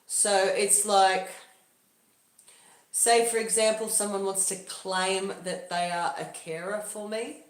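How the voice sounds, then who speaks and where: A woman's voice: medium pitch, fairly even intonation, takes it slowly, roomy sound. A woman talking through a casual livestream monologue in a musing, loosely paced way. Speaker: livestream host.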